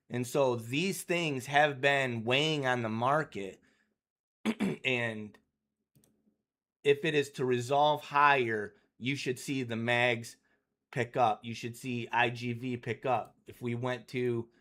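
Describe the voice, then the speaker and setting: A man's voice: mid-range voice, fairly bright tone. Rambling man talking through market charts. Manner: rambling, full of fillers like "you know" and "right?"; clears throat often. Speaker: day trading educator. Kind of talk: casual market commentary over charts.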